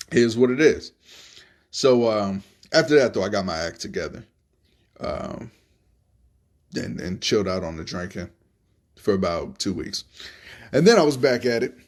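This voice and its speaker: A man's voice: lowish voice, a little mellow. Laid-back profane man telling stories. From Tampa, Florida. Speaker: podcast host telling stories. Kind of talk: casual storytelling monologue.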